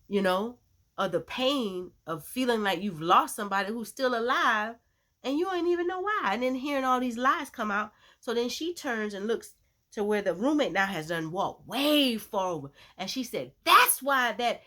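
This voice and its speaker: A woman sharing a personal faith testimony as a vlogger, in a chatty, animated storytelling way with lots of "you know.". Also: medium pitch. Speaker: Christian vlogger.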